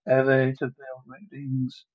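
A man reading a movie script aloud in a husky voice, flatly calling out the stage directions between the lines. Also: mid-range voice, measured pace. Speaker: script reader. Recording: dull lo-fi recording.

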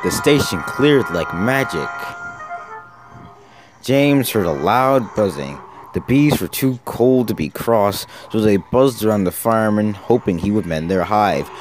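Deep-voiced man narrating a storybook. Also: lively intonation, a little slow. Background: music.

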